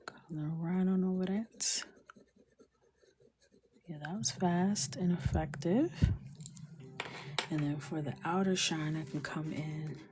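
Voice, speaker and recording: A woman's voice: fairly low pitch, steady tone, takes it slowly, long pauses, darkish tone, slight background noise. A woman chatting casually while she colors, playful and talking to herself, often dropping to a whisper. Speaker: coloring creator. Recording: clear music underneath. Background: music.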